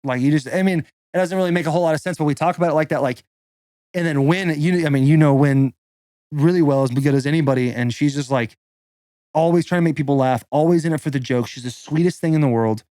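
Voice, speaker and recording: A man's voice: fairly high pitch, fast, dark tone, no room sound, studio quality. Laid-back man telling a story, swearing. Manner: loose and profane, full of "like" fillers. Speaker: podcast host telling a personal story. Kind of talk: casual storytelling.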